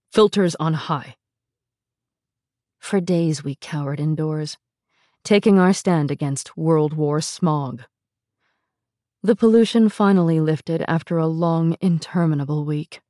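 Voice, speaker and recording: Woman reading her memoir, lowish mellow voice, dry booth sound. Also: dry recording. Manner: measured, vivid storytelling. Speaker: memoir narrator. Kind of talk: scripted audiobook narration.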